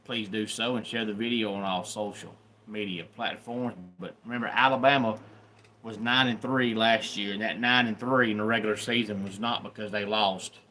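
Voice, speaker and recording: A Southern man from the Deep South hosts a casual live stream, greeting viewers one by one in a chatty way. His voice is on the low side but bright and forceful. A faint hiss sits under his talk. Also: steady tone, moderate pace. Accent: Southern American. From Deep South, USA. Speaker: livestream host.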